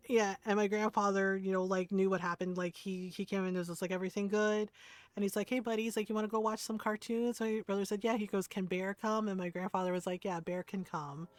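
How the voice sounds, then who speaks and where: A woman's voice: medium pitch, no echo. A woman streamer casually telling a story to her live chat, rambling and often laughing, checking in with "right?" after many lines. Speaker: game streamer.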